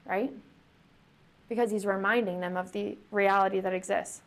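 A woman's voice: medium pitch, steady tone, moderate pace. A woman pastor giving a conversational sermon, often asking the congregation questions.

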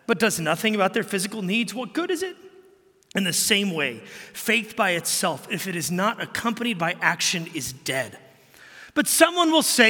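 Male pastor, sermon, animated storyteller, bright high voice. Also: normal speed, in a large hall. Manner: animated storytelling, acts out quoted dialogue.

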